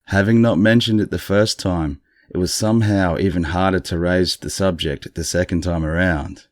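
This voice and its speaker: Male podcast host, very low voice, congested, casual dry storyteller, close dry sound. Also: normal speed, no echo. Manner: relaxed, chatty, dryly amused. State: congested morning voice.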